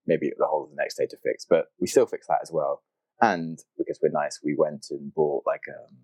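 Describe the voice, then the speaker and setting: A man hosting a podcast, casually telling a story and acting out people's reactions with lively jumps in his voice. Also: extremely low pitch, dry recording, low-quality recording. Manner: animated, acts out quoted reactions. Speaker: podcast host.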